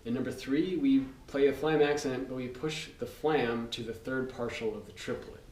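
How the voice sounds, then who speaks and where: A man's voice: medium pitch, normal speed. A man talking casually as a drum teacher, explaining rudiments in a loose way with fillers. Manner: relaxed, loose, with fillers and counting aloud. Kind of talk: casual instructional talk. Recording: roomy, distant mic, loud noise.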